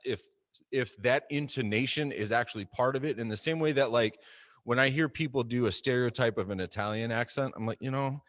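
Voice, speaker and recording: A very low-voiced American man talks through ideas in a relaxed panel chat. He hedges and circles back, then gets animated when he presses a point. The sound is dry and close. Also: dry recording. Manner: thoughtful, hedging, animated when making a point. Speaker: co-host. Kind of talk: casual panel discussion.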